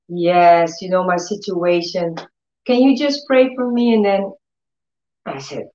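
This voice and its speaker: Animated woman preacher, roomy sound. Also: medium pitch, moderate pace, muffled recording. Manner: animated storytelling, acts out dialogue in changed voices. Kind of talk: faith-healing sermon.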